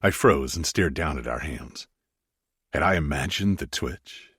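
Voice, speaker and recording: Low husky guy reading a romance audiobook, brooding and intimate, dry close mic. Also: expressive, unhurried, a bit bright, dry recording. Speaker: audiobook narrator. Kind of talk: first-person romance audiobook narration.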